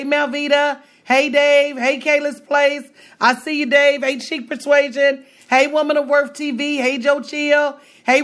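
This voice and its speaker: A woman business coach hosting a livestream, talking in an energetic, preachy motivational style and greeting viewers by name. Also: high voice.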